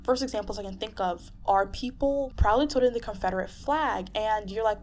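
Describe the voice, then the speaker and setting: A woman's voice: medium pitch, fairly quick, few pauses, slight background noise. A woman talking straight to camera in a casual vlog, exasperated and full of restarts. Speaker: vlogger.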